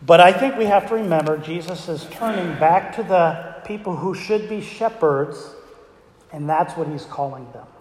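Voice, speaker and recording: A man with a high voice preaches a conversational sermon and keeps throwing rhetorical questions at his congregation. His voice rings through a roomy church hall with a long reverb tail. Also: normal speed, darkish tone. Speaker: pastor. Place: church sanctuary.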